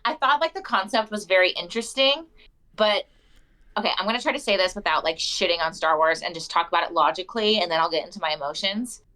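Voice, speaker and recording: Bright-voiced young woman giving her opinion. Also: fairly low pitch, fast talker, rough recording. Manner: chatty and opinionated, laughs often. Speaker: podcast co-host. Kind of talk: casual podcast chat.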